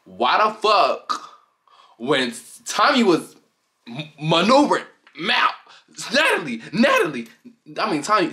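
This man, with a medium-pitched voice, films himself on a tripod-mounted camera for a vlogger reaction piece. His commentary is casual, gossipy, lively and full of swearing.

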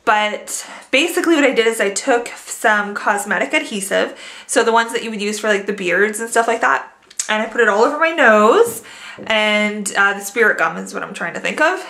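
A woman's voice: normal speed, vocal fry. A young woman talking to her viewers in a casual home vlog, a little out of breath and chatting freely. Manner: chatty, talks to her dogs in a high excited voice. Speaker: vlogger. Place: at home indoors.

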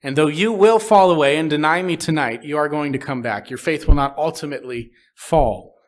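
Pastor preaching with frequent fillers. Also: male voice, on the high side, a little fast. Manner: explains Greek wording plainly, frequent "uh" fillers. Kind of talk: expository sermon. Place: church sanctuary.

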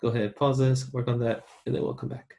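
A man's voice: medium pitch, steady tone, quick pace, vocal fry, mellow, lo-fi sound. A man giving a casual, chatty recorded online Spanish lesson and talking straight to his students. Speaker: Spanish teacher.

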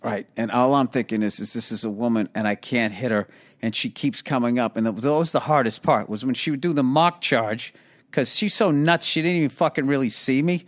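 A middle-aged man hosting a podcast, telling a story in casual chat, animated and heavy on swearing. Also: mid-range voice, fairly quick. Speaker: podcast host.

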